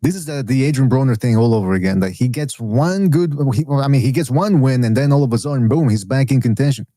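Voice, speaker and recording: A man's voice: medium pitch, animated, fast, dark tone, dry recording. A man hosting a casual boxing podcast, opinionated and rambling, full of restarts and asides. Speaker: podcast host.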